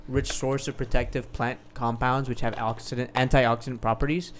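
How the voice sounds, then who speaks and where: A man's voice: medium pitch, flat delivery, a little fast, background noise. A man co-hosting a casual podcast chat, explaining things in a rambling way and often repeating words. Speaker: podcast co-host.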